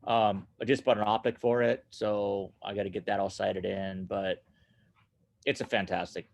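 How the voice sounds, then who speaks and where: A man talking casually as a guest about running his recording studio, animated and laughing often, repeating himself as he goes. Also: lowish voice, normal speed, vocal fry. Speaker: guest, studio owner and drummer. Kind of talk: casual conversation.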